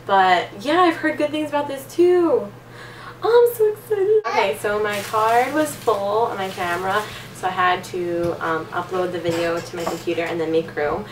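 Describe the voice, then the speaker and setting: A young woman unboxing makeup gifts in a casual vlog, excitable and gushing, gasping often. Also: mid-range voice, normal speed, roomy sound, far from the mic, a little hiss or hum. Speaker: beauty vlogger.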